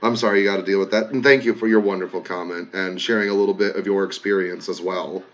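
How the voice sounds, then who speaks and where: A man casually talking to his viewers, reading comments aloud, emotional and swearing freely, swinging from loud outbursts to soft, quiet thanks. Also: sits low, fairly even intonation, fast talker, dull audio. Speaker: content creator reading comments.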